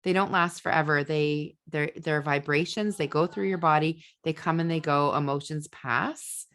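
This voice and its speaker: A woman with a deep voice hosts a podcast as an ADHD parenting coach, speaking at a moderate pace. She offers casual parenting advice full of fillers and restarts, animatedly acting out venting voices.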